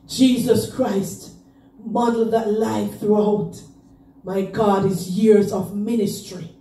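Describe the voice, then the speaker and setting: This woman pastor has a mid-range, warm voice with a slow, flat delivery, though her fervent Pentecostal preaching breaks into chanting and rising sung cries. The church recording is distant and roomy.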